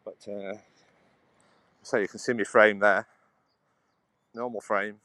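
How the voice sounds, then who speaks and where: A man rambles casually to his livestream viewers while walking along an outdoor path, his voice sitting on the low side. He talks into a phone as he goes, and passing traffic can be heard behind him. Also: little pitch movement, slow pace, pushed and bright, no echo. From England. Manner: rambling, chatty, answers viewers' comments. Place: outdoors on a cycle path beside a road.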